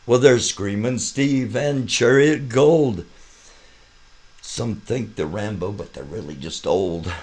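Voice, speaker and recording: A man with a low, unhurried voice hosts a live show. He talks through an opening number and breaks into sing-song rhymes along the way. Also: a little mellow. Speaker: host. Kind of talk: describing and half-singing an opening number.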